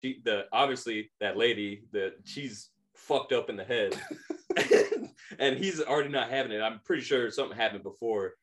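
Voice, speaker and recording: A man in his thirties co-hosts a podcast, speaking at a medium pitch and normal speed over slight background noise. He tells a story casually and animatedly, laughing often and acting out the voices of the people in it.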